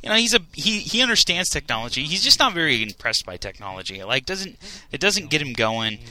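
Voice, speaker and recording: A young man in casual chat, telling stories excitedly and laughing often. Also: on the high side, fairly quick, rough recording.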